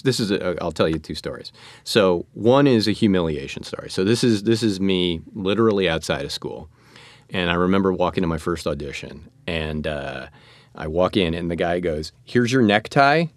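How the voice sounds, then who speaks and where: A man with a low voice tells stories from his acting work, now and then jumping into other people's voices. The sound is dry and close, with no room around it. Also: a little fast, no room sound. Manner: animated storyteller acting out voices. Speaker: actor guest. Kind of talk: storytelling interview.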